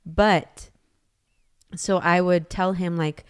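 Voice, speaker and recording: A woman's voice: lowish voice, steady tone, slow, clean tone. A woman co-hosting a podcast, talking casually about her family with lots of "like" fillers. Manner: chatty, many "like" fillers. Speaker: podcast co-host. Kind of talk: casual chat.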